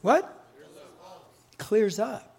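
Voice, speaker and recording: A man's voice: high voice, lively intonation, drawn-out words, slightly rough. A man preaching a sermon to a congregation in a church, conversational and playful, often asking the room questions. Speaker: pastor.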